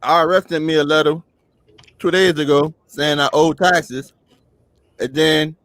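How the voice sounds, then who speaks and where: A man in casual livestream chat, telling a joke in a quick storytelling way. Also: fairly high pitch, steady tone, a bit bright, no echo.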